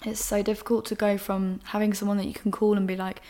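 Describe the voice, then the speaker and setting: A woman's voice: medium pitch, level tone, fast talker, few pauses, warm tone. A young woman hosting a podcast, talking frankly and emotionally about her own life, with casual swearing. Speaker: podcast host. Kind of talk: candid personal monologue.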